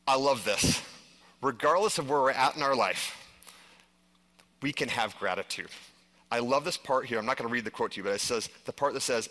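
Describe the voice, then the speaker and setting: Bright-voiced man telling a story on stage. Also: medium pitch. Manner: animated storytelling, heavy use of "like". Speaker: conference speaker. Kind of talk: live stage presentation.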